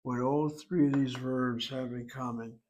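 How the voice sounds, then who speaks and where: A man's voice: medium pitch, steady tone, measured pace, darkish tone, highs cut off. A man teaching a Hebrew lesson, explaining words step by step and spelling some out letter by letter.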